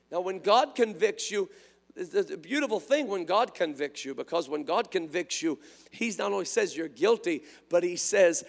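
A man preaching an impassioned sermon, swinging between hushed tones and shouts, his voice strained. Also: high voice, lively intonation, measured pace, creaky. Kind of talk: revival sermon. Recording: reverberant hall sound.

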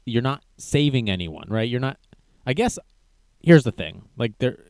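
Man, sarcastic reaction commentary, rambling, mid-pitched voice, dry close sound. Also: animated, moderate pace, gravelly, dry recording.

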